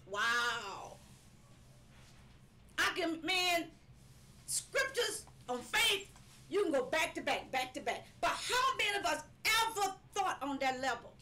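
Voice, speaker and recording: A woman's voice: sits high, big pitch swings, unhurried, long pauses, sharp tone. A woman preaching a live-streamed sermon, emphatic and repetitive, sometimes breaking into laughing cries.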